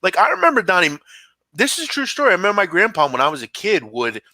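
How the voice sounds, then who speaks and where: A man's voice: high voice, wildly swooping pitch, fast talker, pushed and bright, no echo. A man hosting a casual sports betting show, talking loosely with lots of fillers.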